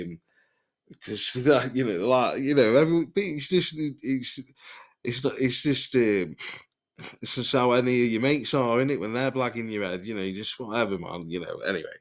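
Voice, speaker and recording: A man, telling rambling podcast stories full of swearing and laughter. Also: fairly low pitch. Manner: rambling, swears a lot, laughs mid-sentence. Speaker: podcast host. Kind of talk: casual storytelling.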